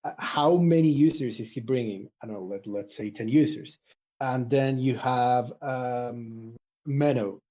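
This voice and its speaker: A man's voice: medium pitch, unhurried, highs cut off. A man arguing his point with energy in a casual online group discussion. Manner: animated, emphatic, arguing a point. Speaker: community panelist.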